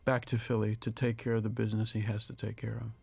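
Flat, gravelly man giving film commentary. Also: lowish voice, noisy background. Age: 60s. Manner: reflective, measured, with pauses and restarts. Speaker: film director. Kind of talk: audio commentary.

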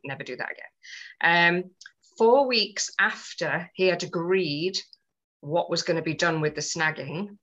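A woman's voice: low-pitched, bright, forceful tone, low-quality recording. A woman on a podcast, telling a personal story in earnest, detailed casual chat. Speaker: podcast co-host.

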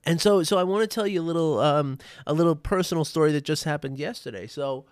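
A man's voice: on the high side, quick pace, no room sound, clean studio sound. A man, a meditation teacher, giving a casual motivational talk, chatty and full of restarts and "right?" tags.

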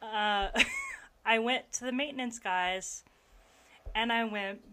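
A woman from the American South with a Southern accent, telling army stories in a casual chat, animated and laughing often. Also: a little high, takes it slowly, pauses often. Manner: animated, laughing storyteller with frequent fillers. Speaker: army veteran guest.

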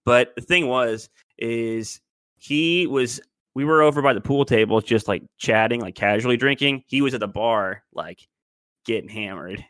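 A man's voice: mid-range voice, moderate pace, a bit bright, no echo. A man in his twenties telling a long story in casual podcast chat, rambling and loose. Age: 20s. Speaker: podcast co-host.

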